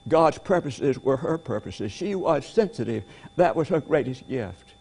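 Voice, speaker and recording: A man preaching a Christmas sermon, earnestly slowing down to stress key phrases. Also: mid-range voice, expressive, creaky, warm tone, husky.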